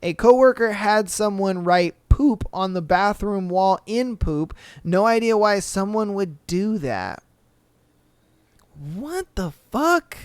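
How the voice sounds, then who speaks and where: A man's voice: high voice, expressive, slow pace, darkish tone, clear, resonant tone, no room sound. A man hosting a podcast, reading listener stories aloud and reacting with laid-back, profane, joking asides. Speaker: podcast host.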